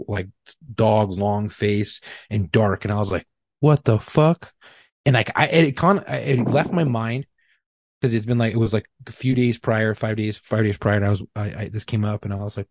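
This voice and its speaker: A lower-voiced middle-aged man with a husky edge, spinning a long, rambling story full of swearing. His voice is close and dry, with no room sound around it. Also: no room sound. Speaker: podcast co-host. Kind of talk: casual storytelling chat.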